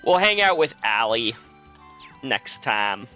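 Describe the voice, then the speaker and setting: Laid back guy streaming a game, talks slow and jokey to chat, kinda higher voice. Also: sing-song, sharp tone, dull audio, faint music behind. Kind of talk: casual live-stream chat.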